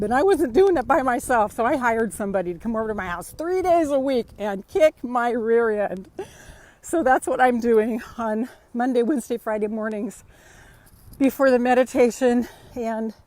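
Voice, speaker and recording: A woman's voice: on the high side, poor audio. A middle-aged woman, a spiritual workshop host, giving an earnest, repetitive, affirming talk while out of breath on a beach walk, filmed on a phone outdoors. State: out of breath from walking. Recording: loud wind noise on the mic.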